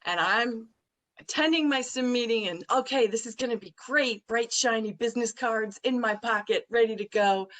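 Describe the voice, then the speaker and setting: A woman guest on a business podcast, telling an anecdote in an animated, blunt way. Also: a little high, moderate pace, poor audio. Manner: colorful, blunt phrasing. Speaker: guest, recruiting firm president. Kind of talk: podcast interview storytelling.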